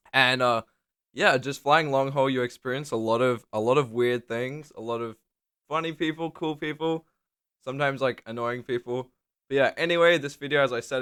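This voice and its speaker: Smooth-voiced young man, rambling. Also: mid-range voice, fairly bright tone. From Australia. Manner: rambling, joking, crude. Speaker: YouTuber. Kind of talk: casual vlog monologue.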